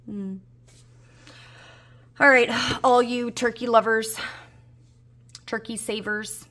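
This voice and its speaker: A woman's voice: a little high, fairly even intonation, takes it slowly, a bit bright. A woman, a budgeting vlogger chatting casually to viewers, coaxing and scolding her dice, a little unwell and tired. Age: 30s. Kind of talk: casual chat to viewers while rolling dice.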